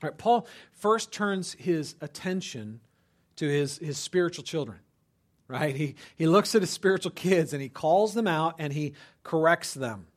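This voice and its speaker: Male pastor, chatty sermon delivery, slightly raised pitch, punchy emphatic bursts. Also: a little slow. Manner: conversational, often checks in with listeners; rises to loud animated bursts for emphasis. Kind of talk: conversational sermon.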